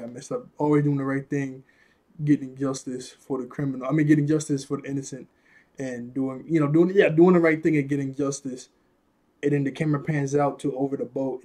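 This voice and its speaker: Medium-pitched and a little mellow, this young man hosts his own video about anime. He recounts a scene casually and chattily, rambling with frequent restarts and laughs.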